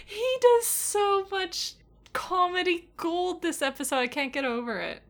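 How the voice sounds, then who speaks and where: A woman's voice: very high voice, a little slow, a bit bright. A woman co-hosting a casual chat, giving amused commentary and laughing often. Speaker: podcast co-host.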